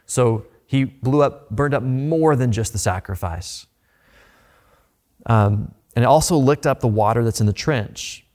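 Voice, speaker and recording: A man preaching a sermon in an animated, informal way, asking the listeners rhetorical questions. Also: mid-range voice, unhurried. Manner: conversational, informal. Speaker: pastor.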